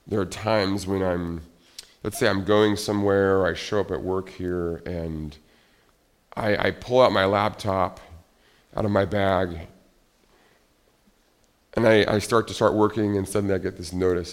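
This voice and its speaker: Lively, low-voiced man preaching. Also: moderate pace, pauses often. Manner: animated, conversational, acts out little scenes. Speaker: pastor. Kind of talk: sermon.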